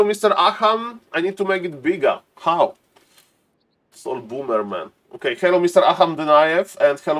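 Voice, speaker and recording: Chatty streamer man greeting viewers. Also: fairly high pitch. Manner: chatty, laughs often, greets viewers by name. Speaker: streamer and game caster. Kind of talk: casual livestream chat to viewers.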